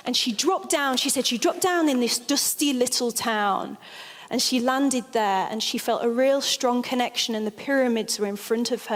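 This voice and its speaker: Animated woman, hall reverb. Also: on the high side, normal speed. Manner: lively, animated storytelling with emphatic phrasing. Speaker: speaker giving a stage talk. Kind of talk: storytelling lecture.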